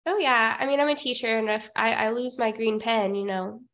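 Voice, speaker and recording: A woman's voice: a little high, fairly quick, fairly bright tone. A woman co-hosting a podcast, a teacher, chatting and laughing about a TV special. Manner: laughs often, agreeable. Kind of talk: casual chat recapping a TV special.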